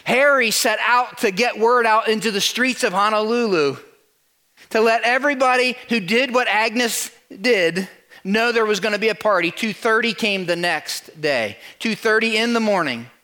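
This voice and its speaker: Animated man preaching a story. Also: high voice, normal speed. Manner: animated, swings from loud to hushed. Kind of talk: sermon storytelling.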